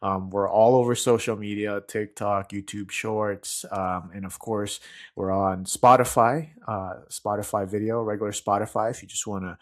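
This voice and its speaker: Easygoing male co-host, lowish voice, laid-back and informal. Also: steady tone, moderate pace. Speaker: podcast co-host. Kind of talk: casual podcast chat.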